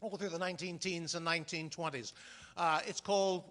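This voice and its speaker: A man's voice: on the high side, fairly even intonation, brisk, fairly bright tone. A man performer introducing a comedy sketch to a live audience in an informal, hesitant way, with fillers.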